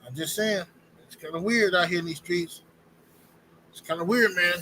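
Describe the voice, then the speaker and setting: A man's voice: high-pitched, moderate pace, sharp tone, slight background noise, rough recording. A man in his forties hosting a livestream, talking bluntly and slangily in casual commentary. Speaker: livestream host.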